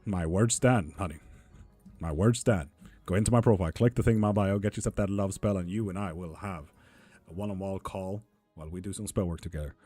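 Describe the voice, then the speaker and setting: A man with a lowish, mellow voice hosts a casual live stream as a tarot reader. He chats with viewers, calls them honey and swears freely. The sound is dry and close, with soft music behind him. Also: brisk, dry recording.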